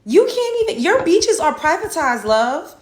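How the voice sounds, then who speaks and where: A woman's voice: very high-pitched, very animated, a little slow, roomy sound. A woman from the United States hosting a reaction video, ranting in a blunt, indignant, profane way. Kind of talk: reaction commentary rant.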